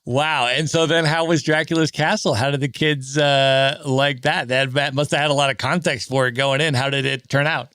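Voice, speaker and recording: A man's voice: medium pitch, fairly even intonation, normal speed, hardly any pauses, a bit bright, smooth, dry recording, clean studio sound. A man hosting a travel podcast, enthusiastic and agreeable, asking long friendly questions. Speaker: podcast host. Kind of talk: casual interview.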